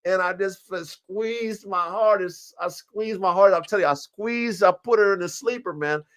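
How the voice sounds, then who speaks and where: Profane, animated man telling stories. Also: high voice, normal speed. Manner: profane, rambling, animated storytelling. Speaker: podcast host. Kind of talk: casual storytelling on a livestream podcast.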